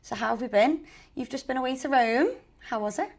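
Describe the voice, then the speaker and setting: A young woman hosts a relaxed podcast chat, steering the talk with quick questions. Her voice sits a little high. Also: gravelly. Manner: chatty, asks questions, leads the talk. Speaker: podcast host.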